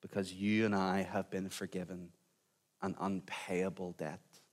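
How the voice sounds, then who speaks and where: A man preaching a sermon in a conversational way, sometimes dropping to a quiet, intense tone. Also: sits low, flat delivery, a little slow. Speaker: pastor.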